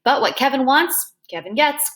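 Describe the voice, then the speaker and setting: A woman's voice: high voice, lively intonation, normal speed, fairly bright tone, voice pushed up. A woman reading aloud and voicing a stern, strict woman doctor who speaks curtly and gives commands. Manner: curt, commanding.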